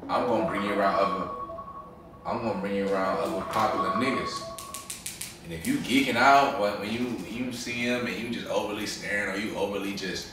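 Deep-voiced man, slangy, far off in an echoey room. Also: brisk, background noise. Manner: slangy, stammers on repeated words. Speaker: host. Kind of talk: casual, explicit chat.

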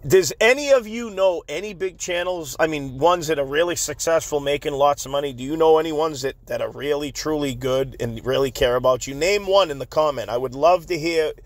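A man's voice: fairly high pitch, brisk, hardly any pauses, dry recording. A man hosting his channel, delivering a heated commentary rant in an angry, insistent way, repeating himself. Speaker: channel host.

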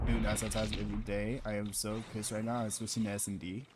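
A young man livestreaming a shooter game, talking to his chat in loose slangy banter that swings from mumbles to yells. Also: lowish voice, little pitch movement, quick pace, hardly any pauses, noisy background. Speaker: streamer. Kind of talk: casual gaming livestream chat.

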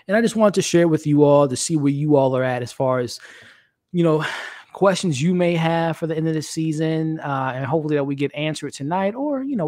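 A man's voice: fairly high pitch, darkish tone, dry recording, clean studio sound. A man hosting a live stream, chatting casually and talking straight to his viewers, with plenty of fillers. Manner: chatty, addresses chat directly, frequent fillers. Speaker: YouTube show host.

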